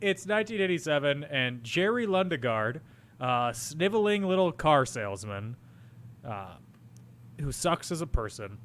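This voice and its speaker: Young guy podcast cohost, bright tone, bouncy pitch, teasing and joking around. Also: sing-song, measured pace. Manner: playful teasing, bursts into silly put-on accents. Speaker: podcast co-host. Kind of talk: casual chat.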